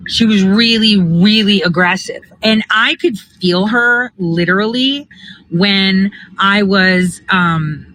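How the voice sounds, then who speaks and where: A woman's voice: medium pitch, bright, forceful tone, poor audio. A woman talking casually to her viewers while out getting coffee, blunt, emphatic and often swearing. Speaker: political organizer vlogger. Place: out and about heading to a coffee drive-thru.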